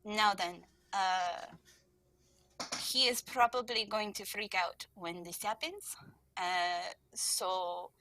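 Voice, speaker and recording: A woman voicing a composed, sorrowful female prisoner in a tabletop game, speaking in a hushed, conspiratorial way. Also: mid-range voice, takes it slowly, dry recording.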